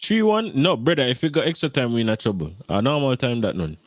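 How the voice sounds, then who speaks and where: A man arguing about football on a podcast, animated and swearing. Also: medium pitch, fast, no room sound. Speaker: podcast co-host. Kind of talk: heated football banter.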